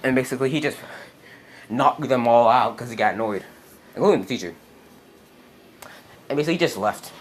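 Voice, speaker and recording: A man's voice: mid-range voice, fairly quick, long pauses, slight background noise. A man casually retelling a fan story, rambling and swearing as he goes. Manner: rambling, leans on "basically" and swearing. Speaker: channel host. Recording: roomy echo.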